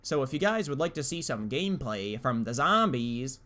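A man's voice: mid-range voice, big pitch swings, moderate pace, bright, forceful tone, slight background noise. A young man giving live gameplay commentary, trash-talking opponents in a hyped, slangy way. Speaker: gaming YouTuber.

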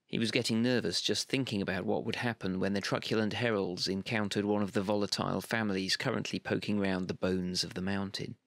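A man narrating scripted game lore in a steady, measured reading voice. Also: lowish voice, vocal fry, no room sound, studio quality.

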